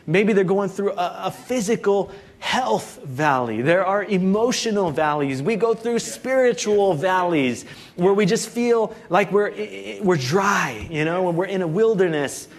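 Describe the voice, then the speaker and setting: A man preaching a sermon to his church in a casual, conversational way, often saying "you know" and "like". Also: high-pitched. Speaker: pastor.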